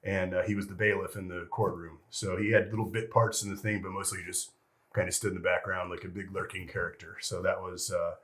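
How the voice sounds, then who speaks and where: A man's voice: deep voice, flat delivery, a little fast, a bit bright. A middle-aged man, a retired military veteran, telling stories as an interview guest in a rambling, profane way full of fillers. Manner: rambling and profane, heavy with fillers like "you know" and "freaking". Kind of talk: casual storytelling interview.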